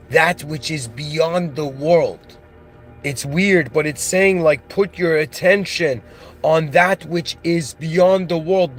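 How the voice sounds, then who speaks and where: A man giving a philosophical monologue, earnest and growing emotional as he talks. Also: a little high. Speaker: channel host.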